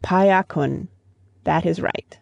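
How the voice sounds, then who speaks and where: A storyteller voicing a stern, lordly old male magician who speaks in commanding, solemn tones, with a gravelly voice. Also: mid-range voice, takes it slowly, darkish tone, no echo, muffled recording.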